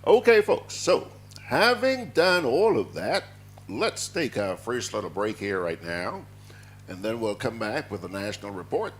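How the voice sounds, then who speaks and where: A man's voice: on the low side, very animated, unhurried, a bit bright, a little hiss or hum. A man hosting a morning show, chatting and reading out listener greetings. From Grenada. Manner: chatty, reads listener messages aloud. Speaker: radio host.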